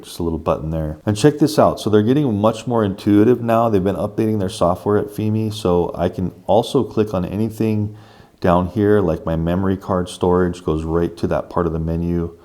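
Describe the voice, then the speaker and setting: A man's voice: sits low, steady tone, moderate pace, mellow. A man casually talking viewers through a gadget review and setup, step by step with enthusiasm. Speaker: tech reviewer.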